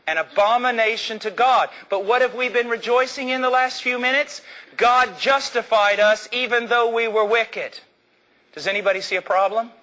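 High, bright-voiced male preacher. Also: low-quality recording. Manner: emphatic, rises to shouting, slows down for stress. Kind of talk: sermon.

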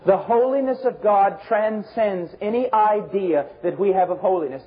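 A man preaching a fervent sermon, swinging between shouted emphasis and low, intense passages. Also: lively intonation, moderate pace, few pauses, husky. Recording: dull lo-fi recording.

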